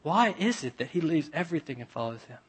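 A young man preaching a sermon, telling stories in a chatty way and dropping to a hush for emphasis. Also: fairly high pitch, very animated, fast talker, slightly rough. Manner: conversational storytelling with dramatic hushed drops.

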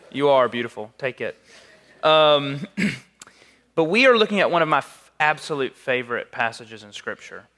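A man's voice: medium pitch, bright, forceful tone. A man preaching a sermon in a church, as a campus minister, casual and joking, telling a story with animation. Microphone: microphone.

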